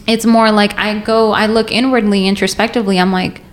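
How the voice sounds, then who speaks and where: A woman's voice: medium pitch, level tone, fairly quick. A woman who is a guest on a podcast and works as a content creator, speaking openly and chattily in a casual, vulnerable way. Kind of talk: casual chat.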